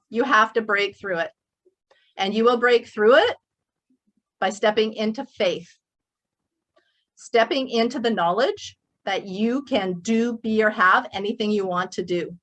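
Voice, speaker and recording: A woman's voice: mid-range voice, fairly bright tone. A middle-aged woman speaking to her audience in an emphatic, preachy way, as the speaker at a motivational workshop. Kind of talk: motivational speech. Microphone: speaking to a live online group.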